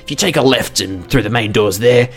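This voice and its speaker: A man's voice: medium pitch, brisk, soft background music. A man running a tabletop game as dungeon master, joking, rambling and laughing as he narrates. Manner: jokey, rambling, laughs often.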